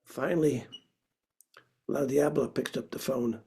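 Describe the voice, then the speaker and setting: Slow, gravelly-voiced male storyteller. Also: medium pitch. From Minnesota, USA. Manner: expressive, with sudden drops to a hush. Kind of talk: personal storytelling to an audience.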